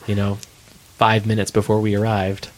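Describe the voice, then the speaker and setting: A man telling tour stories in a casual interview, animated, with frequent restarts. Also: on the low side, normal speed. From Midwest United States. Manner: animated storyteller, many restarts. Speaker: touring musician guest.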